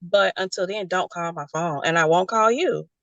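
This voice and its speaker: Brief: young adult woman, lively storyteller, dry close sound. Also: lowish voice, moderate pace, no room sound, lo-fi sound. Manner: animated storytelling, quotes others in character. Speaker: guest. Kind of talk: casual conversation.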